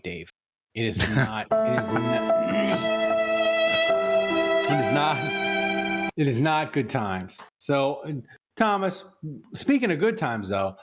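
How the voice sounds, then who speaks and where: Animated podcast host man, queasy. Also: medium pitch. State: queasy after vomiting. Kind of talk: casual chat.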